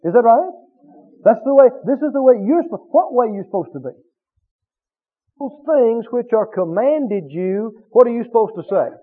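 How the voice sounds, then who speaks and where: A high-pitched man preaches a sermon, his voice swinging up and down as he quizzes the congregation and acts out little scenes. His voice is slightly husky, and the recording sounds thin and tinny, like a phone line. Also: fast. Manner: animated, questioning the congregation, acting out quotes.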